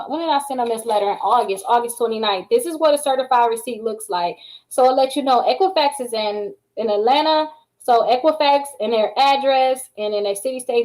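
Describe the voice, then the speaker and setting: A woman giving casual live-stream credit repair advice, chatty and animated, talking straight to her viewers. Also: high-pitched, low-quality recording.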